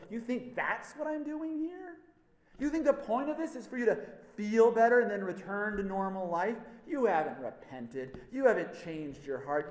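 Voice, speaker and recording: A man's voice: high voice, roomy sound, voice pushed up. A man voicing a furious, wild-bearded desert prophet who scolds the crowd in a thundering, urgent rant, within a dramatized sermon.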